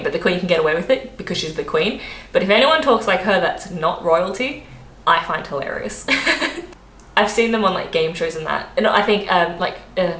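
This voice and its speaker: Young Australian woman vlogger, chatty and laughing, lowish voice, roomy echo. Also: a bit bright. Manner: chatty, laughs often, many fillers. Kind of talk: casual chat to camera. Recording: echoey room, faint background noise.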